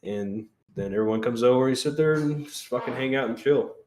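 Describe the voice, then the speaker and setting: A man's voice: mid-range voice, a little fast, a little mellow, a little hiss or hum. A man in a casual podcast chat, talking in a rambling way with many fillers. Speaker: podcast co-host.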